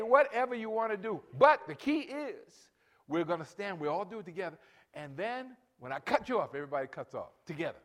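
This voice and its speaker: With a high, expressive voice and a brisk delivery, a late-sixties pastor preaches, recounting family tales. He also directs the congregation and band, his volume climbing for emphasis.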